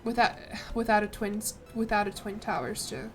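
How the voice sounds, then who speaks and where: A woman with a medium-pitched voice and fairly even intonation streams a strategy game at a moderate pace, soft music behind her. In casual commentary she reads the game text aloud, stumbles over words, swears, and chats with lots of "like".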